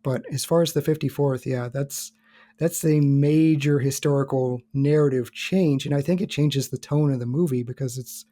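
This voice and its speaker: A man speaking as a guest on a podcast. His voice has a mellow, dark tone at a middle pitch. He lays out his points in a calm, measured, explanatory way. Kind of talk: casual podcast discussion.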